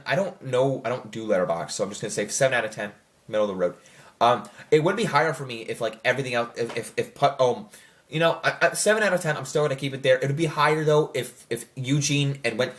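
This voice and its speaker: A man's voice: medium pitch, fairly bright tone. Rambling man reviewing a show. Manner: rambling, filler-heavy, self-correcting. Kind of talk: casual spoken review.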